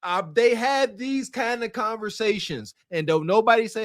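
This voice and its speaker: A man's voice: high-pitched, moderate pace, few pauses. A man co-hosting a podcast, giving casual sardonic commentary on a video and drawing out words for effect. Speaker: podcast co-host.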